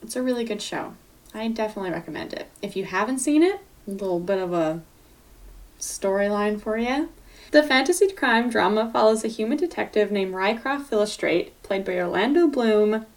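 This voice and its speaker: A woman's voice: medium pitch, lively intonation, moderate pace, distant mic. A woman co-hosting a podcast in casual chat, enthusiastic and teasing as she talks through a show. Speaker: podcast co-host.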